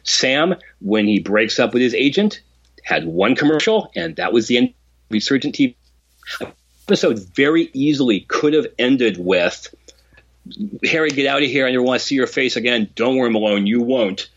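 Husky man on a dull-sounding mic. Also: medium pitch, expressive, moderate pace. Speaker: podcast co-host. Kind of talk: casual chat about a sitcom.

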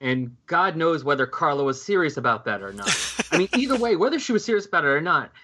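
A man co-hosting a casual chat about a sitcom, animated and acting out characters' lines. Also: on the high side, fast, background noise. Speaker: podcast co-host. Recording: dull lo-fi sound.

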